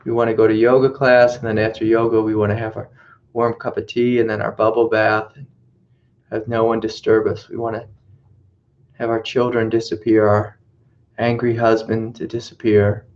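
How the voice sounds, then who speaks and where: A man's voice: fairly low pitch, level tone, normal speed, darkish tone. A man who is a spiritual teacher, telling a story in a reflective way and often repeating his phrases. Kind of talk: satsang teaching talk. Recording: dull lo-fi webcast audio.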